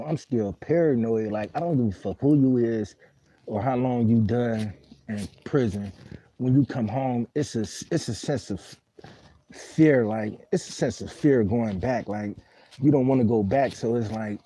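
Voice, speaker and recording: A man's voice: medium pitch, moderate pace, warm tone, poor audio. A man casually telling a story on a live stream, rambling in heavy street slang and cursing while he answers viewer comments. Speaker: livestream host.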